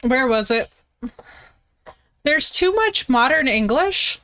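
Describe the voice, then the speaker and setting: Woman streamer, slightly high voice, lively, profane storyteller. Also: slow. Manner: animated, swearing, laughing storyteller with big pitch jumps. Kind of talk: casual chat.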